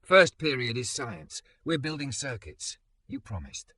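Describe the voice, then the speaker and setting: A man doing a calm, gentle male teacher. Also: a little slow, dry recording, full character voice. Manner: gentle, steady, low-key.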